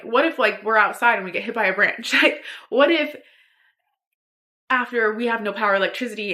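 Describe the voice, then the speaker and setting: A woman's voice: mid-range voice, sharp tone. A young woman telling a personal story on her podcast, rambling with lots of fillers and restarts. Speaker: podcast host.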